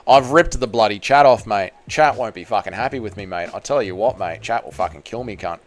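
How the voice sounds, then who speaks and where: A man's voice: fairly low pitch, animated, brisk, no echo. A man with an Australian accent chatting casually on a livestream, reading donations and swearing in matey banter. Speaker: MMA YouTuber streaming live.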